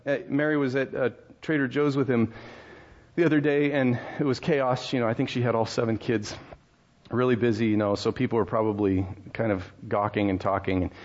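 A man in his thirties preaches a sermon the way you'd talk to friends, telling family stories and asking the room rhetorical questions. His voice sits at an ordinary middle pitch. The recording is a little dull and muffled. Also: a little mellow. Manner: conversational, storytelling with laughs and rhetorical questions. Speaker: pastor.

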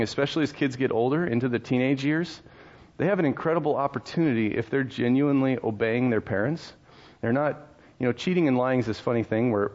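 A man in his thirties preaches a sermon the way you'd talk to friends, telling family stories and asking the room rhetorical questions. His voice sits at an ordinary middle pitch. The recording is a little dull and muffled. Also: a little mellow. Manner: conversational, storytelling with laughs and rhetorical questions. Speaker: pastor.

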